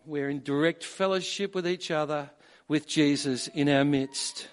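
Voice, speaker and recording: Man preaching slow, kinda high voice, stretches words out for emphasis. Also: clear, resonant tone. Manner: measured, building to emphatic peaks. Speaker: pastor. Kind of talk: sermon.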